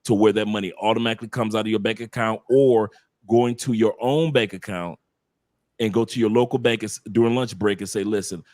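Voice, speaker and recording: A man's voice: lowish voice, steady tone, a little fast, darkish tone, dry recording, studio quality. A man from the United States, a podcast guest talking casually and emphatically, lecturing the audience directly.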